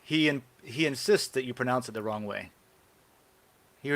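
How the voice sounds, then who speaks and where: A podcast host with a mid-range, fairly bright voice talks fairly quickly on a casual live show. He rambles and brainstorms ideas aloud, using plenty of fillers in this live-stream chat.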